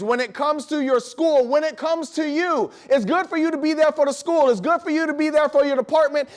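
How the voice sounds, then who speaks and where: A man with a high voice gives a motivational talk to school staff, speaking energetically before an audience in a large room. He tells stories and keeps asking the listeners questions.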